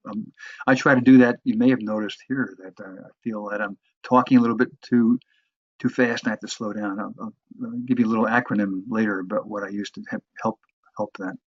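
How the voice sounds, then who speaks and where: Man, sales trainer, husky voice, halting lecture delivery, muffled dry lo-fi recording. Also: medium pitch, no echo. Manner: halting, many restarts and fillers.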